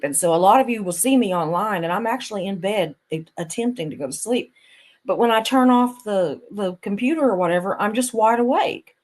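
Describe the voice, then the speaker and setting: A woman with a Southern accent rambling casually on a live stream, a little nasal from allergies, laughing often. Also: medium pitch. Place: bedroom of a vacation stay.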